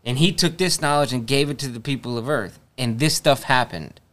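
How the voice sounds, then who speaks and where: A man's voice: medium pitch, a little fast, a bit bright. A man co-hosting a podcast in casual chat, asking questions and laying them out step by step. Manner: inquisitive, lays out questions step by step. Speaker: podcast co-host.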